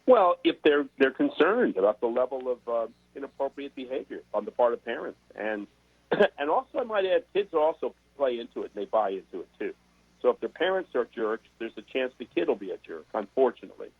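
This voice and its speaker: An older man, a sports broadcaster and guest, telling animated stories in a casual interview and repeating words as he goes. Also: medium pitch, brisk, husky, no echo. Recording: dry, tinny phone-like sound.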